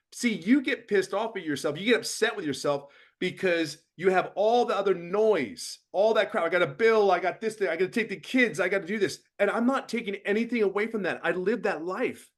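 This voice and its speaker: Middle-aged guy giving a blunt pep talk, pitch jumps way up on the punchy bits. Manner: blunt, preachy, rises to emphatic bursts. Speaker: guest host and mentor. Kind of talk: motivational mentoring talk.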